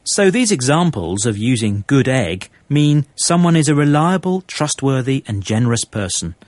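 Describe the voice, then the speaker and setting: A man hosts a scripted lesson with a lively, expressive delivery, explaining each phrase clearly with frequent chuckles. His voice is recorded close and dry in a studio. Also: mid-range voice, normal speed, dry recording, soft background music. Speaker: presenter.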